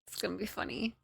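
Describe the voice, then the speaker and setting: A young woman livestreamer chatting casually with her viewers from her apartment, playful and cutesy, drowsy and relaxed. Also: no room sound, clean studio sound. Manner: cutesy, playful baby talk. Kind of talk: casual chat with stream viewers.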